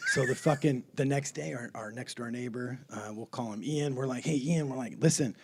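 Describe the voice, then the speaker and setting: A man's voice: mid-range voice, brisk, vocal fry, darkish tone, slightly rough. A middle-aged man, a comedian, telling a profane story in a rowdy, swearing, laughing way. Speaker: comedian guest.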